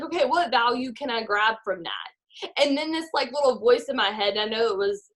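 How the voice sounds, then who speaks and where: Chatty young woman, lots of "like". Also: on the high side. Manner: chatty, fast, lots of "like", animated retelling. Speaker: team leader in direct sales. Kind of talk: motivational talk on a video call. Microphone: video call.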